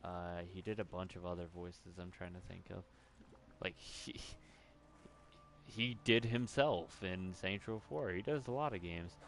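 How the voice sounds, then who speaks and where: A man's voice: low voice, a little slow, vocal fry. A man giving casual, rambling commentary while playing a video game, with lots of fillers and restarts and the odd curse when he loses his train of thought. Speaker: gaming commentator.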